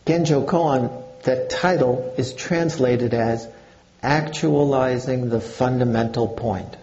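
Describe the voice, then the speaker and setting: Older Zen teacher, dark mellow voice, unhurried and halting delivery. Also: male voice, mid-range voice, dull audio, slight background noise. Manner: slow, halting, with many fillers. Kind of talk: dharma talk.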